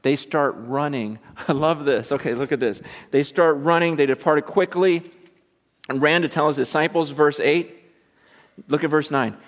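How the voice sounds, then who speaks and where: A man's voice: on the high side, moderate pace. Impassioned preacher man, echoing hall. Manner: impassioned, emphatic, repeating words as he builds. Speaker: pastor. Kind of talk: sermon. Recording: long reverb of a large hall.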